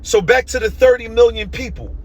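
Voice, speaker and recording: Husky high-voiced man, emotional and emphatic. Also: brisk. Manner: emotional, emphatic, repeats phrases. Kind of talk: impassioned monologue to camera.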